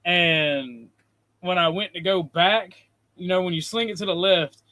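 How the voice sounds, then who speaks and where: A man with a high voice hosting a streamed talk show, telling a loose, profane anecdote and laughing easily. His sound is close and dry, with no room around it. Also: a little slow, pushed and bright, no echo. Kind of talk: casual storytelling chat. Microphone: streaming call mic.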